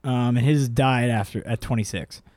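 A man co-hosting a casual comedic podcast chat, jokey and profane, sometimes jumping into high silly voices. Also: moderate pace, darkish tone, dry recording. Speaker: podcast co-host.

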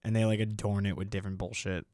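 A man's voice: lowish voice, flat delivery, fast talker, a little mellow, no echo, studio quality. A man co-hosting a podcast, rambling in casual banter and often acting out silly exchanges. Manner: rambling, jokey, exaggerated impressions. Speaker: podcast co-host.

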